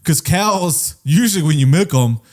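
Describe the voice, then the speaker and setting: A young man co-hosting a casual comedy podcast, crude and excitable, spinning wild hypothetical scenarios. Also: fairly high pitch, normal speed. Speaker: podcast co-host.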